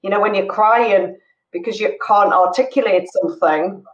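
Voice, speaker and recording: Woman co-host, mid pitch, earnest and halting, distant echoey mic. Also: lo-fi sound, slight background noise. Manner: earnest, halting, searching for words. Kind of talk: casual chat.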